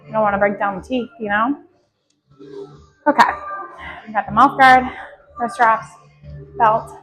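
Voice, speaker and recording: A woman powerlifter chatting out loud between heavy squat sets, out of breath, in her home garage gym. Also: fairly high pitch, steady tone, a little slow, faint music behind. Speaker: powerlifting vlogger. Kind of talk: casual mic'd-up training commentary. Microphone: clip-on mic.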